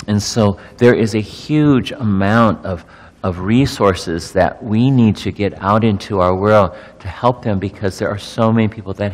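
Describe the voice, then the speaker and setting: A middle-aged man, a pastor, giving a candid personal testimony to an audience, often halting and repeating words as he searches for them. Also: lowish voice, in a large hall.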